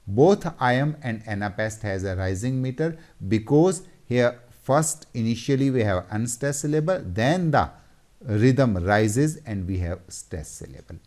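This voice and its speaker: A man teaching a lesson, explaining slowly and deliberately, repeating terms and pointing at examples on a board. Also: medium pitch, animated, darkish tone. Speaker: English teacher.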